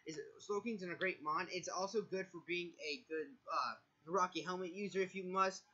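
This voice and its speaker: He's a video creator going over his draft choices in an offhand monologue, anxious and constantly backtracking to correct himself. His high, bright voice is forceful and slightly rough, moving fairly quickly. Audio quality is dull.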